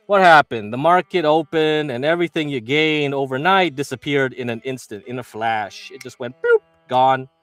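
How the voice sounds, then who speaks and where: In a clean recording with no echo, a man with a slightly high voice chats loosely with his livestream viewers about the stock market. He speaks to them as "you," mimics panicked traders, and curses from time to time in this casual market commentary.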